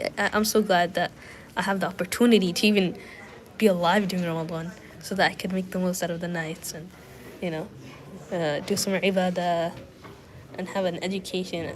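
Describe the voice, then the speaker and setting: A woman's voice: lowish voice, steady tone, a little fast. A young woman with a stuffy, nasal cold and a cough, chatting casually and rambling to her live stream viewers from a university building, full of fillers as she thinks aloud. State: sick, nasal and congested with a cough. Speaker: study livestreamer.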